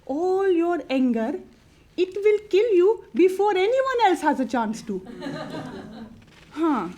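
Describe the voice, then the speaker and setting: A woman's voice: very high voice, sing-song, slow, mellow, full character voice. A woman playing a chatty older temple lady with a foreign accent, who halts with many fillers and mothers the caller on the phone in a live comedy monologue. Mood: flustered. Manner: patient, motherly, talks to the caller like a nosy aunt.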